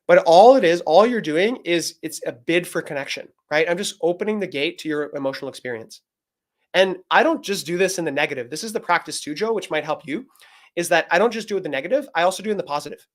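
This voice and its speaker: A man's voice: fairly high pitch, lively intonation, fast talker. A man, a men's coach and guest, explaining earnestly in a live video-call interview and acting out bits of dialogue.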